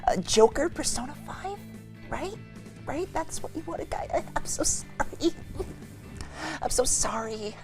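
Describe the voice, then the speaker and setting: A man's voice: extremely high pitch, vocal fry, exaggerated voice. A man voicing an awkward young male gaming superfan who rambles, stammers and apologizes.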